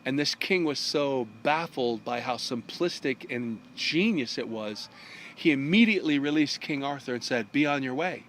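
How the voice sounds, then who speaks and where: A man's voice: mid-range voice, lively intonation, moderate pace, fairly bright tone, a little hiss or hum. A man telling a long story to an audience, acting out the characters' lines as he goes. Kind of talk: storytelling talk.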